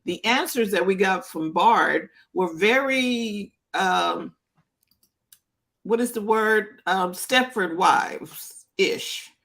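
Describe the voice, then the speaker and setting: A woman's voice: mid-range voice, slow, vocal fry, fairly bright tone. A woman co-hosting a casual business chat, reading out viewer comments and chatting with some hesitation. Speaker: co-host. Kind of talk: casual live-stream chat.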